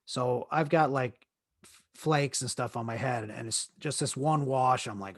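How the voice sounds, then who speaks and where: A man's voice: mid-range voice, unhurried, no echo, clean studio sound. A man hosting his own podcast, telling a crude, joking story in a rambling way with many restarts while his leg hurts. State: in leg pain while seated. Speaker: podcast host. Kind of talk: casual storytelling monologue.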